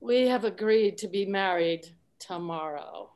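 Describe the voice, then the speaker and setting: A woman reading the part of a young male servant who admits fathering a child, in a halting, earnest confession. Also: mid-range voice, a little mellow, lightly acted. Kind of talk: dramatic reading of court records.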